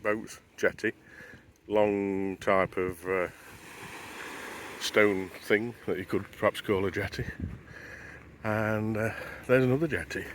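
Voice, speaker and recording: A man's voice: on the low side, fairly even intonation, slow pace, pauses often, a little hiss or hum. A man vlogging as he walks a beach at sunrise, chatting to camera and wondering aloud as he goes. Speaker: travel vlogger. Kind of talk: casual walking narration to camera. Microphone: handheld camera while walking.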